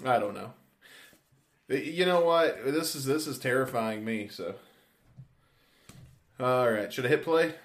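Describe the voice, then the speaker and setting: A man's voice: medium pitch, unhurried, long pauses. Laid-back swearing podcast host, man. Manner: loose, swearing, laughing. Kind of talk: casual chat.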